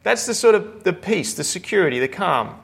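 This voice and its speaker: A male pastor delivering a sermon with a slightly high, earnest voice. He tells stories with conviction and lifts his tone when he voices the quoted words. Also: expressive, moderate pace, gravelly, a bit bright, husky.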